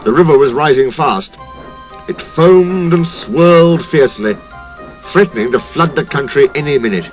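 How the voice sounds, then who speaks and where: A man narrating a children's story in a slow, highly animated storytelling manner. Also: faint music behind.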